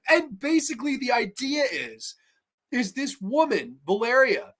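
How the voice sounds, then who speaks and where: A man hosting a horror podcast, casually reviewing episodes with excited, profane chatter. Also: very high voice, a little slow. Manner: excitable, profane, laughs while retelling.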